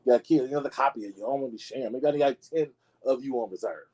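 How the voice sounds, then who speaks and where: A man hosting a talk show, gossiping in a sassy, animated way and talking straight to his listeners. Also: medium pitch, very fast, low-quality recording. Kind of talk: casual gossip commentary.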